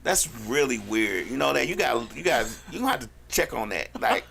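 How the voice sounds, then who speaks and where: A man's voice: medium pitch, very animated, gravelly, background noise. A man co-hosting a casual radio podcast, joking and telling stories. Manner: laid-back, joking, drawn-out storytelling. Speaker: radio show co-host.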